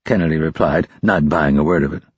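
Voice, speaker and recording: A man reading a thriller audiobook in a steady, even storytelling voice. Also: extremely low pitch, brisk, slightly rough, no room sound. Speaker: audiobook narrator. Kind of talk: scripted narration. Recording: dull, dry lo-fi recording.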